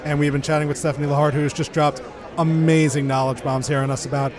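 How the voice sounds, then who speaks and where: A man hosting a podcast interview at a convention, giving brisk and upbeat announcer-like introductions. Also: fairly high pitch, little pitch movement, crowd noise. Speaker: podcast host. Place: convention floor.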